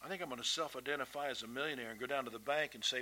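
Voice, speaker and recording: A man's voice: mid-range voice, rapid-fire, pushed and bright, a little hiss or hum, low-quality recording. A man preaching a sermon to kids and grown-ups, talking in a folksy, emphatic way and restarting his words often. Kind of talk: sermon to children and adults.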